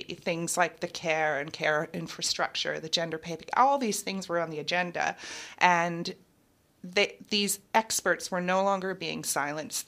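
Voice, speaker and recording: Bright, chatty American woman. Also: deep voice. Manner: animated, chatty, with frequent fillers. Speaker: author guest. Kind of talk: radio interview.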